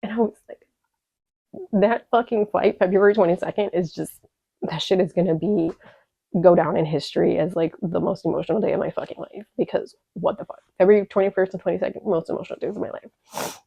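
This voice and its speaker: Profane, emotional woman vlogger, gravelly and low. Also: fairly quick, dark tone, no echo. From Chicago. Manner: emotional, profane, rambling with many fillers. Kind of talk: candid personal storytelling. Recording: dull lo-fi dry audio.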